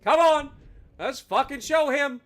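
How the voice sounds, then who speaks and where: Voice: sits high, unhurried, a bit bright. A livestreamer giving live gameplay commentary, ranting at teammates with constant swearing, heavy sarcasm and asides to the chat. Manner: angry, profane ranting at teammates; talks to the chat.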